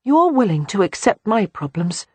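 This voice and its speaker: A man's voice: sits high, sing-song, moderate pace, breathy edge, no room sound, pitched above the performer's own voice, full character voice. A man voicing an earnest young Regency lady. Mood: pleading. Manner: earnest, urgent, raised voice. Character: spirited young Regency woman, pleading.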